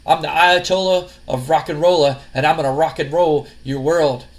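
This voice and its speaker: A man's voice: fairly high pitch, steady tone, normal speed, natural voice. A man voicing a cocky, boastful male wrestler in a taunting manner while narrating a wrestling sim game. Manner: taunting, brash.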